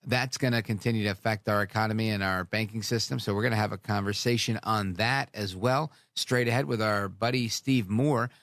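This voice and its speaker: Gravelly-voiced talk radio host. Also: male voice, on the low side, brisk, few pauses, no room sound, clean studio sound. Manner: sarcastic, animated, drifts into asides. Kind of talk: opinionated talk radio monologue.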